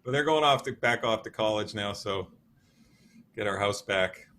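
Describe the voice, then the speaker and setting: Animated, laughing male storyteller. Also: on the low side, normal speed. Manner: animated storyteller, laughs often, acts out quotes. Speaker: guest, motivational speaker. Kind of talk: conversational interview.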